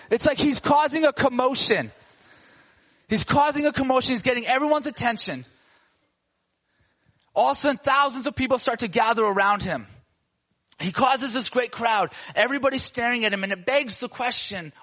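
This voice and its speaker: Male preacher, high voice, animated storyteller, slangy and playful, dull lo-fi recording. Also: brisk. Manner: animated, acts out characters in casual slang. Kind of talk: sermon storytelling.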